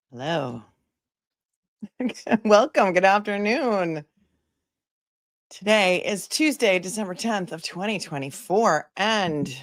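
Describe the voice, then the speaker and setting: Chatty low-voiced woman livestream host. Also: dry recording, clean studio sound. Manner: chatty, joking, talks to the chat directly. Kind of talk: casual livestream chat.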